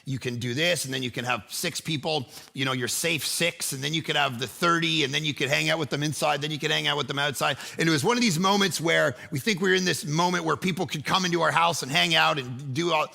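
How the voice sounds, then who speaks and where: A middle-aged man, preaching a sermon and telling a lively story, acting out voices in it with casual slang. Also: on the high side, quick pace, creaky, few pauses. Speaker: pastor.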